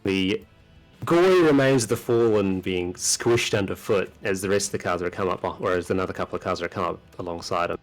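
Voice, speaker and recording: A man narrating a tabletop game as game master, describing scenes in an unhurried way. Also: deep voice, soft background music.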